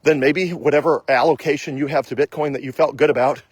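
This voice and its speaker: A man with a fairly high voice talks in a casual, emphatic monologue. He hammers his points home by repeating them and acting out imagined exchanges. The sound is dry and close, with no room around it. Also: steady tone, fast talker, husky, no room sound. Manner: emphatic, repetitive, argues by acting out imagined questions and answers. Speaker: state legislator and investor.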